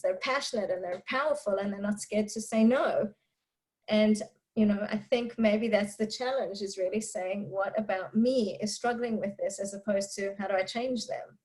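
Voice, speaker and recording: A woman's voice: mid-range voice, darkish tone, rough recording. A woman giving candid, chatty answers to parenting questions during a live online talk, laughing often. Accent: non-Israeli English speaker living in Israel.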